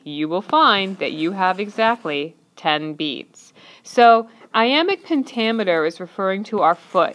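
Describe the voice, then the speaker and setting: A woman's voice: medium pitch, a bit bright. A woman teacher narrating an instructional lesson, patiently counting and clapping out syllables step by step.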